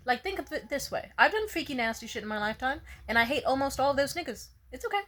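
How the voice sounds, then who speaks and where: A woman's voice: high voice, lively intonation, quick pace, hardly any pauses, fairly bright tone. Blunt, foul-mouthed young woman. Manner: blunt, profane, laughs often while telling. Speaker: vlogger. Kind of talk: casual storytime monologue.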